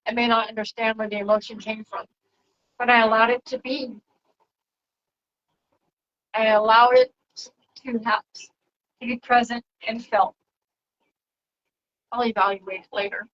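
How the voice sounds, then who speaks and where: A woman talking casually on her own broadcast as a spiritual channeler, soft and reflective, drifting from one thought to the next. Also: on the high side, little pitch movement, unhurried, long pauses, highs cut off. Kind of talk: casual spiritual livestream talk.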